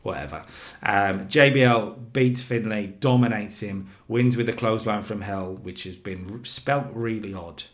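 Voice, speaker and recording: A man hosting a casual let's play, narrating his wrestling booking game in excited, gushing bursts. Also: lowish voice, measured pace.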